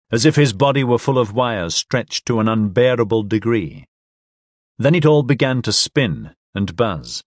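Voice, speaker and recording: A man narrating a thriller audiobook in a dramatic, expressive reading style. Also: medium pitch, dry recording, studio quality.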